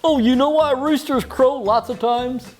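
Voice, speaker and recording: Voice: high voice, measured pace, darkish tone, soft background music. A performer voicing a wisecracking bird puppet in a children's church skit, interrupting with corny puns. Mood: joking. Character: wisecracking bird puppet, pun-loving troublemaker.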